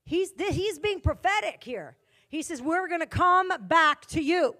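A woman preaching a sermon in a commanding, emphatic style, her loudness rising and falling widely. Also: very high-pitched, lively intonation, unhurried.

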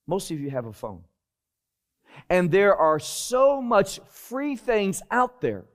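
A man preaching a Bible-teaching sermon, deliberate and emphatic, often dropping his voice low at the end of a phrase. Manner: slow, deliberate, emphatic delivery with sudden drops in volume.

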